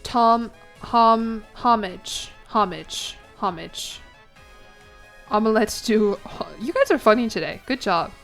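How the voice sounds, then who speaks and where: Chatty woman streamer, bright voice. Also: a little high, unhurried, few pauses, soft background music. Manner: chatty, answers chat aloud, giggly asides. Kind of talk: casual live game stream chat.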